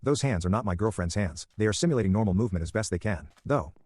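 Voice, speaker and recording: A man narrating first-person horror stories in a brisk, matter-of-fact scripted read. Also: fairly low pitch, expressive, darkish tone, breathy edge.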